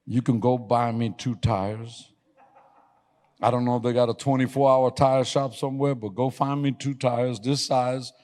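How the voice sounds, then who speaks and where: A man preaching a sermon as pastor, telling lively stories, laughing and suddenly yelling for emphasis. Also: mid-range voice, normal speed. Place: church sanctuary. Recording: long hall reverb.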